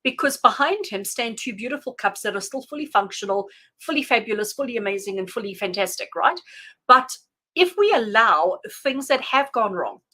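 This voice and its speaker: A woman giving tarot readings on a live stream, chatty and animated, addressing viewers by name and laughing often. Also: a little high, normal speed, poor audio. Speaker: tarot reader.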